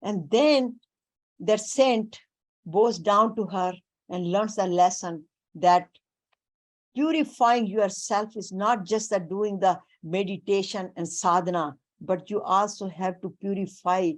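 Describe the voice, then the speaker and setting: A woman giving a spiritual talk, speaking deliberately and weaving in Sanskrit and Hindi terms. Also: mid-range voice. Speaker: spiritual teacher.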